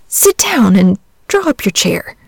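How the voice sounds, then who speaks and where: A woman's voice: mid-range voice, big pitch swings, measured pace, vocal fry, a little mellow, husky, no echo, exaggerated voice. Woman reading a polite old-fashioned knight, grave and kindly, dry close sound. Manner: formal, old-fashioned courtly phrasing. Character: gallant, good-natured knight saint, courtly and grave. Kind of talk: storybook reading.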